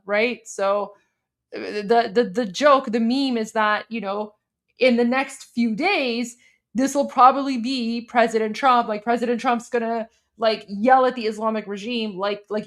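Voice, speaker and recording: A woman's voice: fairly high pitch, slow, fairly bright tone. A woman from Iran hosting a casual livestream, talking loosely with lots of fillers and restarts as she explains a meme. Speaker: host.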